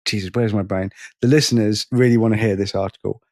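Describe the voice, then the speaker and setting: A man's voice: on the low side, fairly even intonation, fast talker, a little mellow, no echo. Man, podcast co-host, sarcastic, swears, stumbles, dry recording. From Britain. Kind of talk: casual podcast chat.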